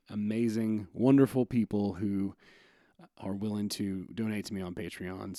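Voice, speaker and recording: A man hosting a podcast, talking in an excited, chatty way with lots of fillers and quick laughs. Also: on the low side, no room sound. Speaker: podcast host. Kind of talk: casual podcast chat.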